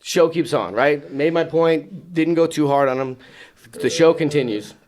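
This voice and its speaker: Man telling a story with loud acted-out voices. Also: fairly high pitch, a little slow, a crowd in the background. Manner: acts out quotes in loud raised voices. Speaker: BMX show announcer. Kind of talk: animated storytelling. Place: podcast studio.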